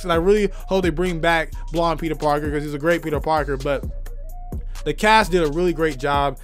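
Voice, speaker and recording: A young man with a hoarse, worn-out voice giving an enthusiastic, rambling movie review full of fillers. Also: high-pitched. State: hoarse, tired voice. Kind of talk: casual movie review vlog.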